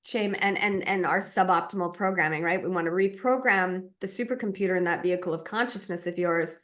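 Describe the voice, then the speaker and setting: A woman giving a spiritual coaching talk, animated and acting out inner voices as she explains. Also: on the low side, a little fast.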